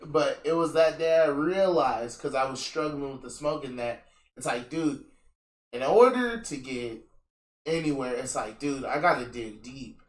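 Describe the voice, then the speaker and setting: A man's voice: mid-range voice, a little slow. A man hosting a casual chat, telling a story with lots of swearing and acted-out quotes. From US Southwest. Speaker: host. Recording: echoey room.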